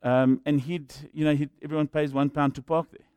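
A man's voice: a little high, little pitch movement, a little fast, warm tone, clear, resonant tone, no echo. A man with a South African accent preaching a sermon as a jokey storyteller who acts out the people in his stories.

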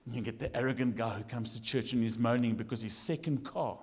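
Lively preacher in a hall. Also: male voice, medium pitch, quick pace. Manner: animated, jokey, swings from shouting to quiet asides. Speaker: lead pastor. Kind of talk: sermon. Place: church hall.

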